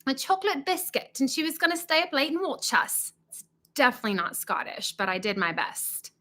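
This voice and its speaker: An upbeat, chatty woman hosts a casual livestream from indoors in a cabin. Her voice sits a little high and sounds bright and forceful. She talks in an excitable, friendly way. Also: fairly quick. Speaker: livestream host. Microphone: not her usual podcast microphone.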